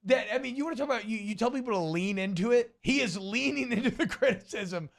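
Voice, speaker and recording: A man hosting a casual sports radio show, telling stories in an animated way and laughing often. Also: extremely high pitch, quick pace, vocal fry.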